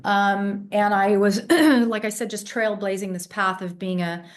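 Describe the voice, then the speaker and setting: A woman's voice: mid-range voice, unhurried. Confident American woman in her fifties. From England. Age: 50s. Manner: confident, emphatic, fluent storyteller. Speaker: vocal coach. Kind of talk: podcast interview.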